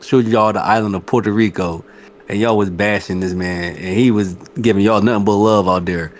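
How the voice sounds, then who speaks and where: A man's voice: on the low side, fairly even intonation, moderate pace, a little hiss or hum. A man from Philadelphia co-hosting a podcast, giving his opinions emphatically in slangy casual talk. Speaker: podcast co-host. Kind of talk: casual chat.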